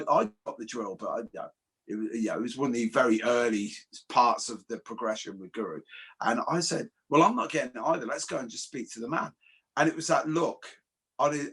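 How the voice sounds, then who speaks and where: A man's voice: mid-range voice, slightly rough. A man from England, a martial arts instructor telling stories in casual chat on a video call. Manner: animated storyteller, swears casually.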